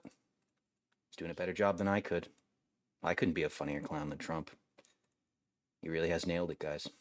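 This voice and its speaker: A man's voice: sits low, dry recording. A man giving casual let's-play commentary, rambling and laid-back, swearing casually. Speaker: gaming video host.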